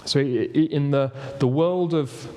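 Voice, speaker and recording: This preacher's voice is fairly high and a little mellow, and he keeps a measured pace. Speaking conversationally in a church hall, he often starts phrases over and calls for the next slide, all under the hall's long reverb.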